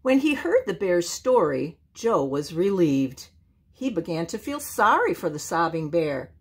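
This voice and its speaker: An older woman reading a children's picture book aloud, slow and expressive. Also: on the low side, slight background noise. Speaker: storyteller. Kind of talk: children's storybook read-aloud.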